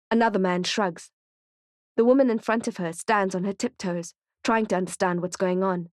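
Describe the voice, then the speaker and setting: A woman narrating a thriller audiobook in a tense, steady, present-tense storytelling voice. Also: mid-range voice, no echo, studio quality.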